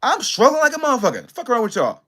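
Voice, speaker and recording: Brief: a high-voiced American man on a livestream, furious and profane, talking straight to his chat. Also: wildly swooping pitch, rapid-fire. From United States. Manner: heated and profane, with big swings in pitch and loudness. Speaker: livestream host. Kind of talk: angry livestream rant.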